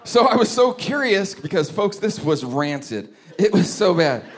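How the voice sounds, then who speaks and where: A pastor preaching a sermon, telling a funny story in an animated way. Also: male voice, high-pitched, normal speed, a faint crowd.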